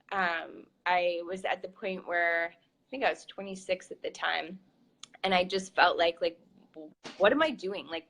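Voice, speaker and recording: A woman's voice: mid-range voice, bright, forceful tone. A young adult woman, a fitness coach, telling a personal story in a chatty, casual way full of "like" and "um". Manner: chatty, many fillers like "like" and "um".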